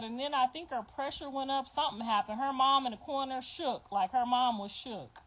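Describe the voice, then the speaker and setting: A middle-aged woman, telling a story loudly and animatedly as a podcast host, swearing freely. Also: high voice, brisk, hardly any pauses, low-quality recording. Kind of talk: casual storytelling.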